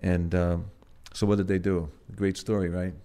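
A man preaching a sermon in a gentle, halting way, pausing often and swelling loud on key words before dropping soft again. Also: sits low, little pitch movement. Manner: gentle, halting, with frequent "uh" and restarts.

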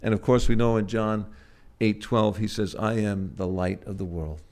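A man delivers a sermon in a low, gentle voice. His speech halts and restarts often, with soft stretches broken by sudden loud swells on key words. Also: steady tone. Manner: gentle, halting, with frequent "uh" and restarts. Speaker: preacher.

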